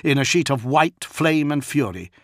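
A man narrating a scripted audiobook in a measured, dramatic reading on a close mic. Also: a little high, expressive, no echo.

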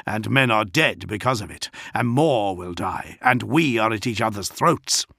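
A furious commanding lord, as a man plays him, demanding answers in an accusing tone. The voice is gravelly and lowish, heard close and dry. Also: animated, a little slow, pushed and bright, dry recording, exaggerated voice. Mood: angry. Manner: angry, accusing.

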